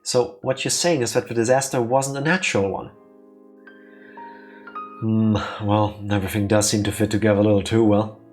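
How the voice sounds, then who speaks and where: Man doing a skeptical young investigator, doubtful, questioning, low voice. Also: steady tone, normal speed, a little mellow, soft background music, natural voice.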